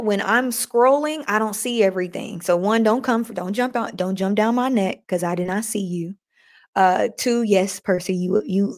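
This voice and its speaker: A woman hosting a casual faith podcast live stream, chatting with listeners and reading their comments aloud. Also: medium pitch.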